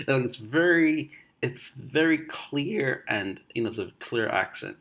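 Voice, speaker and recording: A man from Uganda, thinking aloud in a casual monologue, full of restarts and fillers, swinging between loud bursts and quiet asides. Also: medium pitch, animated, a little slow. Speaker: vlogger.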